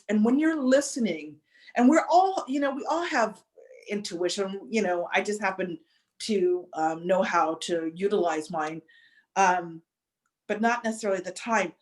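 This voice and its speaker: A woman guest telling a personal story in a halting, searching way, pausing and restarting, close to tears. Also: mid-range voice. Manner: halting, many restarts and fillers, emotional. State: near tears. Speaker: podcast guest. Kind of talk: reflective storytelling.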